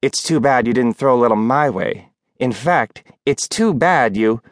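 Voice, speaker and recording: A man's voice: medium pitch, expressive, a little slow, dry recording, studio quality, close to an everyday voice. A man doing a blunt stern landlady. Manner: blunt and scolding.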